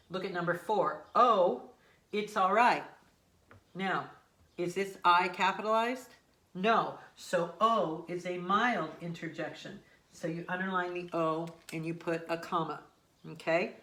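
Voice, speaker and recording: A woman teaching a grammar lesson, explaining patiently step by step and checking in often. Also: lowish voice. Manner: acts out example sentences with lively emphasis.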